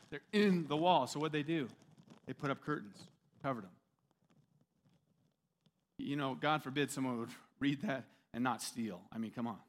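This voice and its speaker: A man preaching in a relaxed, conversational way. His voice sits somewhat high. He restarts sentences often and keeps asking his listeners questions. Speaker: pastor. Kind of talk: sermon.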